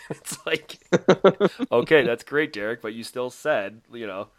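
A man's voice: medium pitch, a little slow, no room sound, clean studio sound. A man co-hosting a podcast in casual chat, laughing often and quoting others. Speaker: podcast co-host.

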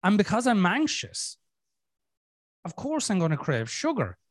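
Sweary, lively Irish man. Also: sits high, a little slow, dry recording. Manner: profane, animated storytelling, acting out inner voices. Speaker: podcast host. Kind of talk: casual chat.

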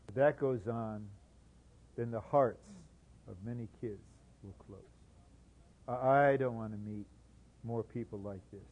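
A man preaching a sermon, swinging between soft asides and loud, emphatic bursts. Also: medium pitch, a little slow, long pauses, narrow, tinny audio.

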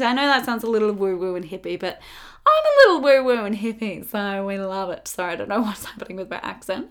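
A young woman hosting a casual self-help podcast, chatty and bubbly, full of fillers and quick laughs. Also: medium pitch, a bit bright. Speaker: podcast host.

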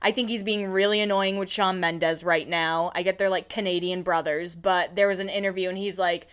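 Chatty woman, quick gossipy talk. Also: on the low side, fairly even intonation, a bit bright. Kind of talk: casual chat.

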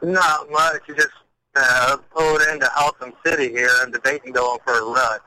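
A man calling in to a show, a truck driver talking in a laid-back, dry-humored way with halting fillers. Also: mid-range voice, fairly even intonation, pushed and bright, poor audio. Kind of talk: casual phone-in chat.

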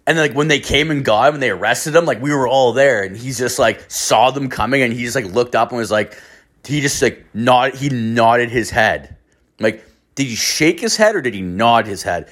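Young man, casual storytelling, rambling, heavy on fillers and swearing, mid-pitched voice. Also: lively intonation, normal speed, fairly bright tone. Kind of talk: casual anecdote telling.

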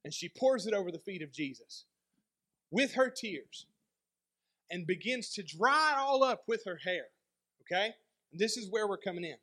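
A male pastor giving a sermon, telling a personal story in a conversational, animated way. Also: high voice, moderate pace, pauses often. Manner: conversational storytelling with lively dynamic swings.

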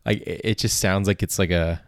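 A man's voice: low-pitched, fairly even intonation, a little fast, no echo, clean studio sound. A man hosting a comedy podcast, rambling through a monologue full of filler words and restarts. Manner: rambling, heavy on filler words and self-corrections. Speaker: podcast host.

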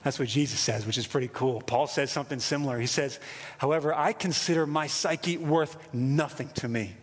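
A man preaching a sermon with an American accent, in a casual, excited way with lots of fillers. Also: medium pitch, fairly quick, long reverb tail. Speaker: pastor.

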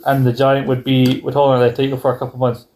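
A man co-hosting a podcast, rambling through wrestling history in casual chat with quick asides and casual swearing. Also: mid-range voice, monotone, darkish tone, a little hiss or hum. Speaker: podcast co-host.

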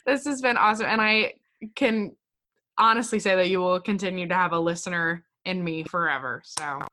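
A woman's voice: on the low side, normal speed, sharp tone. A woman co-hosting a podcast, chatting casually and gushing enthusiastically, laughing often. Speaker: podcast co-host.

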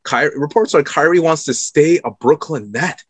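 A man co-hosting a casual sports podcast, giving jokey and animated opinions. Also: on the high side, moderate pace, dry recording. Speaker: podcast co-host.

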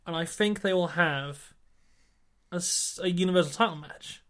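A man hosting a casual wrestling-predictions podcast, brisk and teasing with his co-host. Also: high voice, fairly bright tone.

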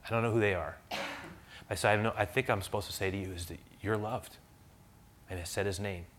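A pastor telling a personal story in a sermon, talking conversationally with many restarts and rising to loud, high preaching at its peaks. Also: male voice, fairly even intonation, a little fast, a little hiss or hum.

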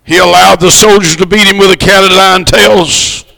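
A high, bright-voiced man preaching a fervent sermon, his tone shot through with gravel. He builds to shouts and stretches out the words he wants to land. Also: steady tone, normal speed, poor audio. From United States. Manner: fervent, swells to shouts, draws out key words. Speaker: missionary preacher.

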